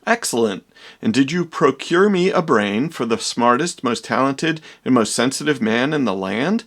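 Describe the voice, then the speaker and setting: A man's voice: medium pitch, expressive, moderate pace, a bit bright. A man playing a vain, dramatic young doctor in a comedy parody, with theatrical, exaggerated delivery.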